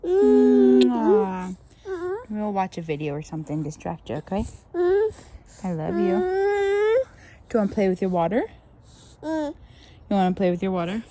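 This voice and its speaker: A mom vlogger chatting casually in her backyard, relaxed with the camera and turning to sing-song baby talk with her toddler. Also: lowish voice, moderate pace, long pauses. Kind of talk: casual home vlog chat. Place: backyard outdoors. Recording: outdoor ambient noise.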